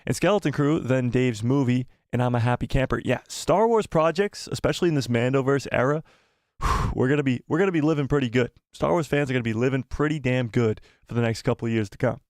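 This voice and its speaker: Guy doing a live fan stream, reading chat out loud, voice kinda going, dry close sound. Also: mid-range voice, fast talker, no room sound. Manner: rambling, enthusiastic, reads chat comments aloud. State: losing his voice.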